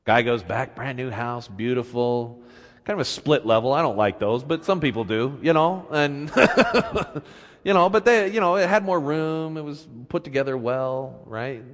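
A man preaching a sermon who turns to telling a fairy tale, with an animated, chuckling storytelling manner. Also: mid-range voice, a little slow, in a large hall. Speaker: pastor.

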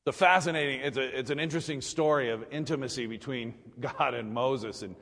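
A male pastor preaching a sermon, retelling a story in a conversational, animated way with frequent restarts. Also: medium pitch, a little fast, big-room sound. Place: church sanctuary.

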